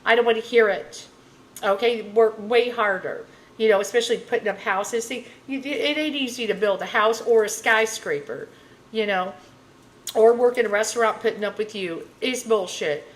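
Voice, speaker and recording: A woman's voice: on the high side, moderate pace, rough recording. A woman tarot reader talking to camera in a casual, rambling rant, blunt and full of filler phrases.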